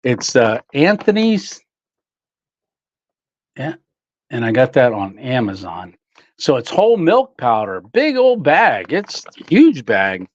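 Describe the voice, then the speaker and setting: A man's voice: medium pitch, wildly swooping pitch, slow pace, long pauses, dry recording, muffled recording. A man hosting a casual camping livestream from his home studio, chatting with viewers, greeting them by name and laughing often. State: slightly out of breath. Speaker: livestream host.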